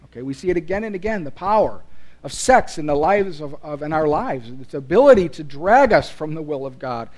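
Earnest higher-voiced male pastor preaching. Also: expressive, brisk, a little mellow. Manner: earnest, emphatic preaching with rising and falling intensity. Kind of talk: sermon.

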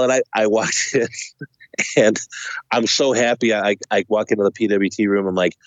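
A man's voice: on the low side, fairly quick, no echo, dull audio. A man co-hosting a podcast, telling stories casually and animatedly, with swearing and laughter. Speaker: podcast co-host. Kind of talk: casual storytelling chat.

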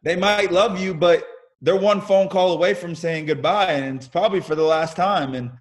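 Speaking quickly but at a normal speed, this high-pitched young man from the United States is a professional baseball player guesting on a podcast. Over a video call, he casually and candidly recounts his career, animated and occasionally cursing mildly.

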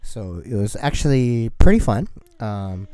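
Low-voiced man, hesitant casual chat. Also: sing-song, unhurried, dark tone, clear, resonant tone, no echo. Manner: hesitant, lots of ums. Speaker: podcast co-host.

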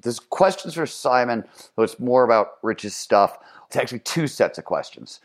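A man's voice: mid-range voice, very animated, normal speed. A man hosting a podcast, talking in a thoughtful and reflective way. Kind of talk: casual conversational chat.

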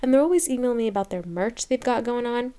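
A young woman with a somewhat high voice rants to her podcast listeners in a sarcastic, fed-up tone. She talks casually and laughs often. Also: lively intonation, fast, mellow, clean tone. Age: 20s. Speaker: podcast host. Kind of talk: casual comedic rant.

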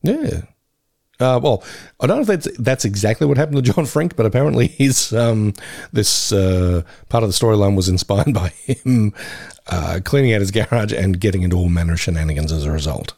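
A man's voice: fairly low pitch, expressive, brisk, gravelly, darkish tone, no room sound, clean studio sound. A man, co-hosting a podcast with wry, teasing asides. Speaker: podcast co-host. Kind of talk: casual podcast chat.

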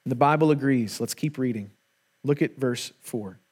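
A man's voice: medium pitch, normal speed, darkish tone, breathy edge. A man preaching a sermon to a congregation, earnest and emphatic, often repeating words for weight. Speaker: pastor.

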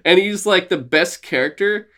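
Excitable young man on a podcast. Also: high voice, moderate pace. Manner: excited, swears a lot, laughs often, acts out quotes in silly voices. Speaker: podcast co-host. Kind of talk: casual chat.

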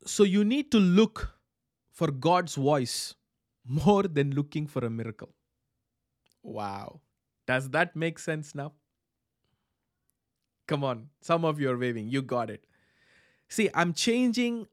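Fervent high-voiced preacher, dry close sound. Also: male voice, animated, slow pace, long pauses, dry recording. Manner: fervent, repetitive, breaks into tongues. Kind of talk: charismatic sermon with prayer.

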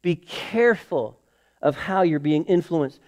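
A middle-aged male pastor preaching a sermon to his church, building to emphatic calls and dropping into hushed asides. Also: animated, a little slow. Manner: preaching with emphatic rises, drops to low acted inner voices.

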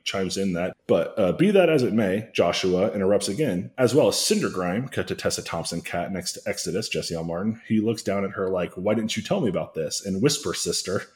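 A man's voice: low voice, brisk, few pauses, darkish tone. A man co-hosting a podcast, narrating a parody story in a casual comedic way, with asides and chuckles.

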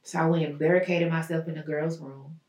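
A woman recounting a personal ordeal as a guest, halting and searching, with many pauses and fillers. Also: sits low, fairly even intonation, darkish tone, slight background noise. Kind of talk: personal testimony in an interview. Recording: roomy echo, mic at a distance.

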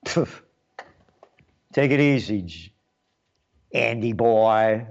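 New guy ranting on his show, sarcastic and mocking, mid-pitch voice, kinda dull lo-fi sound. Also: measured pace, pauses often. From New York. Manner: sarcastic, mocking, swings between loud jabs and muttered asides. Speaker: commentary show host. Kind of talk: ranting commentary monologue.

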